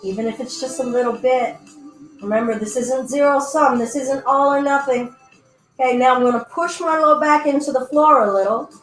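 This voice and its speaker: Leading a virtual yoga class from an echoey indoor room with faint music, a woman speaks high at a normal speed. She keeps it playful and chatty, inventing little voices for her breath and body.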